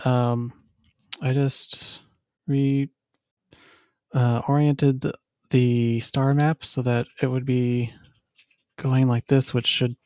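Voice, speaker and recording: A man voicing a nervous, evasive male ship crewman who talks haltingly with many fillers. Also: mid-range voice, warm tone, dry recording.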